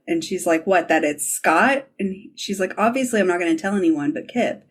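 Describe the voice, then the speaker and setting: A woman's voice: fairly low pitch, normal speed, few pauses. A woman podcast host in casual chat, recapping TV scenes and acting out the characters' lines with frequent laughter.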